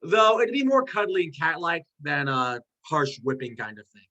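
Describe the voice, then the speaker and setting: Lively, bright-voiced rambling host. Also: mid-range voice, poor audio. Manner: rambling, quick asides and tangents. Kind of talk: casual chat ranking fictional characters.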